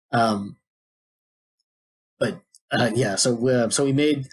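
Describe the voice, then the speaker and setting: A man's voice: medium pitch, very slow, husky. Rambling man telling a long story. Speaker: podcast co-host. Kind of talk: casual podcast chat.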